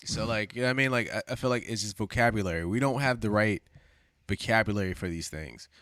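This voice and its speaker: A man's voice: lowish voice, fast, fairly bright tone, no echo, studio quality. A man co-hosting a podcast in laid-back casual chat, repeating phrases and laughing often. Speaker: podcast co-host.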